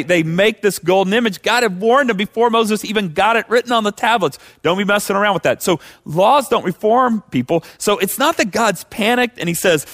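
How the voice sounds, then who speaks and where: A man's voice: high voice, a bit bright. A man preaching a sermon as pastor, conversational, with many rhetorical questions.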